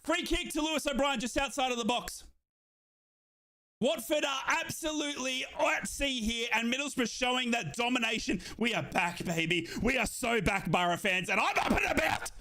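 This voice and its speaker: A young man calls a football match as an overjoyed fan, shouting in bursts until he runs out of breath. His voice sits high and sounds bright and sharp. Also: expressive, normal speed. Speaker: fan watchalong streamer. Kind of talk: excited fan commentary.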